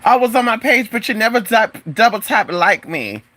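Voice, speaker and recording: Animated, swearing livestream spiritual advisor. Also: moderate pace. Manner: animated, swears freely, calls viewers "y'all" and "honey"; swings into high exclamations. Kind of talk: casual livestream chat with viewers.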